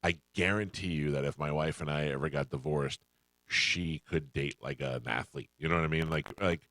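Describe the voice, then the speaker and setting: A man's voice: rumbling low, moderate pace, a bit bright, dry recording. A man in his forties hosting a radio show in a studio, joking around and telling stories. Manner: joking, tells stories acting out quoted voices. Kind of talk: casual radio banter. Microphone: studio microphone.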